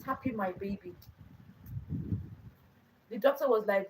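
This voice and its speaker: A woman's voice: medium pitch, moderate pace, pauses often, distant mic, a little hiss or hum, rough recording. Earnest young woman telling a personal story. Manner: earnest, repeats phrases for emphasis. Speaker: channel host.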